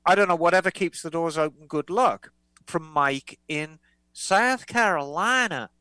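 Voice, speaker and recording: A woman's voice: fairly low pitch, measured pace, bright, forceful tone, no echo, low-quality recording. A woman co-hosting a motorcycle podcast, reading listener letters aloud in a chatty, playful way. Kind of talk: casual podcast chat.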